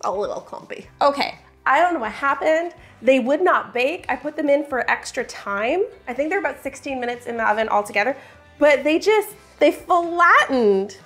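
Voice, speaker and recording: A woman's voice: high voice, animated, moderate pace, a bit bright, faint music behind. A woman hosting a home baking video, chatting along in an upbeat, thinking-aloud way in her kitchen. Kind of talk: casual baking vlog chat.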